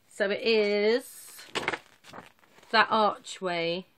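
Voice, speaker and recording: A woman's voice: mid-range voice, steady tone, very slow, noisy background. A woman in her thirties with a mid-range voice, chatting to camera as she shows off her needlework. She rambles from one thought to the next and laughs at her own mistakes. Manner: rambling, chatty, self-deprecating. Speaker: cross-stitch vlogger. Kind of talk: casual chatty show-and-tell.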